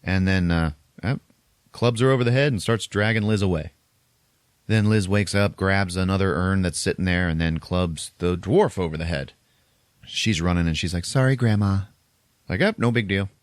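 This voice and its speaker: A man hosting a podcast and recapping a horror film in a casual way, animated and laughing often. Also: deep voice, moderate pace, no echo, studio quality. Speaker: podcast host.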